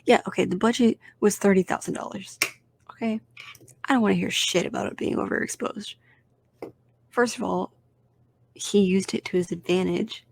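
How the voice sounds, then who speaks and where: A woman's voice: mid-range voice, gravelly, a little mellow, husky. A young woman hosting a casual solo podcast, talking bluntly and with lots of swearing as she rambles through her opinions. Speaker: podcast host.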